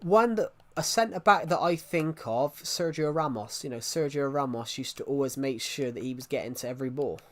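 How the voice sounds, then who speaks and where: A man's voice: mid-range voice, a little fast, hardly any pauses, fairly bright tone. A young man streaming live, chatting casually to viewers in a rambling, opinionated way and answering chat comments. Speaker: gaming livestreamer.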